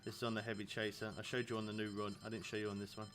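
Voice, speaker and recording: This English streamer in his thirties plays a fishing game and rambles casually to viewers, chatty and quick to laugh. He talks at a racing pace in a voice on the low side with little pitch movement, over background noise.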